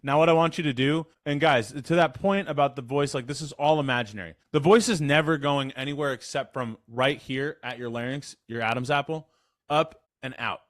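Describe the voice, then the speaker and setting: An energetic man coaches a group over a video call in a casual, chatty manner. His voice sits at an ordinary middle pitch for a man. The sound is dry and close, with no room around it. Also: brisk, dry recording. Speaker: voice coach leading a workshop. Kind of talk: casual instructional talk. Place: online call.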